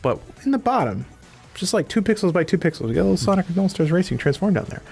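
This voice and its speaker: A man's voice: sits high, sing-song, quick pace, creaky, a little mellow, breathy edge, faint music behind. A man in casual gaming banter, laying out a joke plan in a mock-serious way. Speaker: gaming group member.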